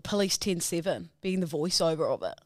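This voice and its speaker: A woman's voice: lowish voice, animated, fairly quick, dry recording. A young woman co-hosting a podcast, chatty and teasing. Her voice swings up and down a lot, and she laughs easily. The recording is close and dry. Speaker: podcast co-host. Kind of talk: casual chat.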